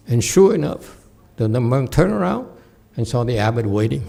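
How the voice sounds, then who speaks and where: A man's voice: mid-range voice, big pitch swings, moderate pace, gravelly, warm tone. A man giving a dharma lecture in a temple hall, telling stories with folksy, self-deprecating humor and frequent checks of "okay?". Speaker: Buddhist teacher.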